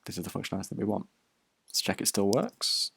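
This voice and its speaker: A man's voice: lowish voice, big pitch swings, fast talker, vocal fry, fairly bright tone, breathy edge. A man teaching programming in a recorded lecture, explaining step by step in a chatty way with many fillers and restarts.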